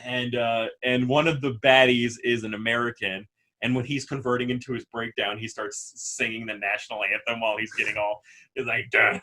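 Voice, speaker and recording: Animated male podcast co-host. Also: mid-range voice, brisk. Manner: animated, laughs and mimics characters often. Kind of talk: casual chat.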